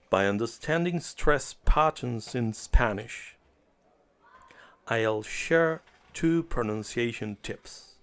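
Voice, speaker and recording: A man teaching a beginner language lesson in a deliberate, clearly enunciated scripted style. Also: mid-range voice.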